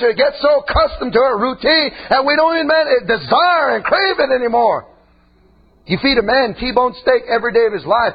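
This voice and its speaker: A male preacher delivers a fiery, folksy sermon in a husky, breathy voice. His pitch rides high and lively, dropping low for asides and climbing to shouts. The recording is dull and lo-fi. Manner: swings from quiet talk to high shouting, folksy.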